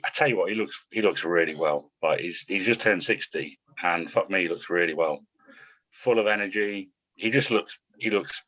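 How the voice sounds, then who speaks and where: Brief: low-pitched man, blunt and sweary, podcast guest. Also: fairly bright tone, muffled recording. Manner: blunt, swears freely, repeats words. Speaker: guest bodybuilder. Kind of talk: casual podcast chat.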